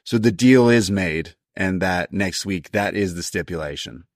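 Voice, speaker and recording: Animated man retelling a wrestling show. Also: sits low, moderate pace, no echo, clean studio sound. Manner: animated retelling, acts out quotes in put-on voices. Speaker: podcast co-host. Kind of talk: casual review chat.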